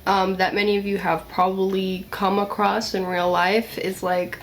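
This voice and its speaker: Young woman, commentary vlog, blunt, chatty, casual swearing, medium pitch. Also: normal speed, a little hiss or hum. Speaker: video essayist.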